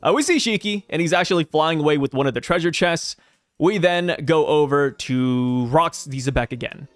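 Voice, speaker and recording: A man hosting a comic review channel, talking through a new chapter in a casual, animated, jokey way and thinking out loud. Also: on the high side, normal speed, dry recording. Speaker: manga review channel host. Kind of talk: casual commentary video.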